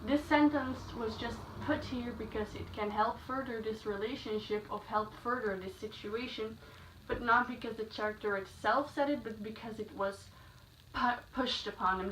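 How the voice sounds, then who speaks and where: A woman giving a chatty, casual spoken book review, full of "like" fillers and animated asides. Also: a little high. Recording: echoey room, slightly distant mic, faint noise.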